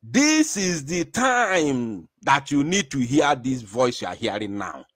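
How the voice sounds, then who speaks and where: A man's voice: mid-range voice, very animated, slow pace, no room sound, studio quality. A Nigerian man giving impassioned live commentary, emphatic and full of rhetorical questions.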